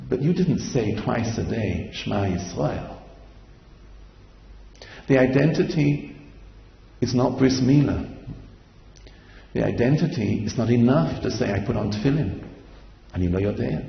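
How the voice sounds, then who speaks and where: Man, gravelly voice, impassioned Torah lecture, Hebrew terms in English, echoey hall, muffled lo-fi recording. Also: medium pitch. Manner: impassioned, quotes Hebrew and Yiddish-inflected terms. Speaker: rabbi. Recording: echoey hall, dull lo-fi sound.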